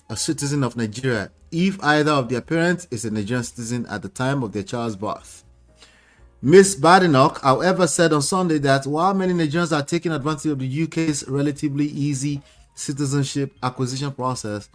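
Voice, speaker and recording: Male news presenter reading a report. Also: fairly high pitch. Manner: reads quotes aloud, laughs at his own attempt at a British accent.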